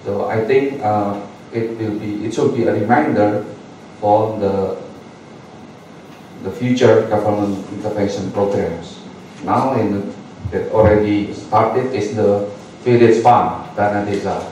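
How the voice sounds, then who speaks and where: A man, speaking slowly and haltingly with many fillers and restarts as he comments at a seminar. His voice is low and mellow. He is picked up from across an echoey seminar room by a distant mic. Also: fairly even intonation, slight background noise. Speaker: seminar discussant.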